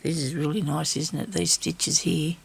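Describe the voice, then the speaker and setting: Sewing at home, this Australian craft vlogger speaks with a low, creaky, slightly rough voice in a steady tone at a moderate pace. She's casual and chatty, rambling to herself, recorded on a camera mic held very close.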